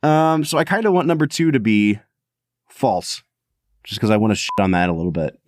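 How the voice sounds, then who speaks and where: Animated jokey man on a podcast. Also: on the low side, a little fast, no echo, studio quality. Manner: animated, jokey, laughs often. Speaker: podcast co-host. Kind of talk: casual podcast chat.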